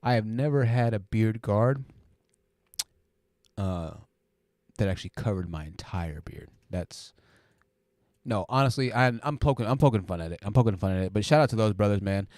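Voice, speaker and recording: A man's voice: lowish voice, normal speed, pauses often, darkish tone, dry recording, studio quality. Joking, rambling man hosting a live stream. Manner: joking, rambling, laughs often. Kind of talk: casual live chat.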